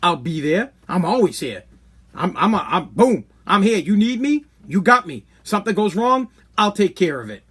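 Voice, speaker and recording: A man's voice: sits high, very animated, moderate pace, a bit bright, breathy edge. A man in his thirties hosting a podcast, ranting bluntly in a brash, rambling comedic way. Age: 30s. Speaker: podcast host. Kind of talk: casual comedic rant.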